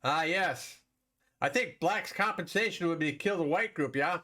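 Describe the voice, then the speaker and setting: A man's voice: on the high side, moderate pace, pushed and bright. A man from Wisconsin hosting a live stream, chatting casually with viewers while commenting on a board game and laughing often.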